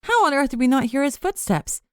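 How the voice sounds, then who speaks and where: A woman voicing an excitable young woman who yelps and blurts out exclamations in an audiobook. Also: high-pitched, brisk, dry recording, clean studio sound, pitched above the performer's own voice. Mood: startled. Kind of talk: audiobook character reading.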